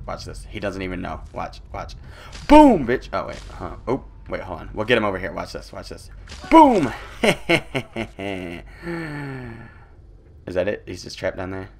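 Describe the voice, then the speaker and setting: Goofy, gravelly gamer man. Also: low-pitched, little pitch movement, quick pace, few pauses, a little hiss or hum. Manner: goofy, taunting, with sudden loud outbursts. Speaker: gameplay commentator. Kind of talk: playful let's-play commentary.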